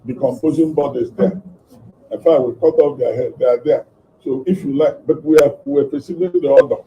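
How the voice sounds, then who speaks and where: Man, halting testimony voice, muffled lo-fi capture, faint hiss. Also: mid-range voice. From southeastern Nigeria. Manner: halting, many fillers and restarts, quotes dialogue. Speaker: witness recounting a kidnapping. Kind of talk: spoken testimony. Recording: dull distant recording with faint background noise.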